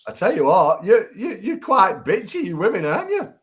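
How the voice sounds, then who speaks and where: A man's voice: high-pitched, wildly swooping pitch, normal speed. Teasing man hosting a chat show. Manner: teasing, swearing, laughing loudly. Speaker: show host. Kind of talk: casual online chat show. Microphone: video call.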